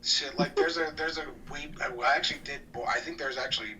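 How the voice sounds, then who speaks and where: A man guest talking casually about cartoons, rambling and restarting, often trailing off quieter. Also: a little high, fast talker. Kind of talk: casual interview chat. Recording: distant mic with faint noise.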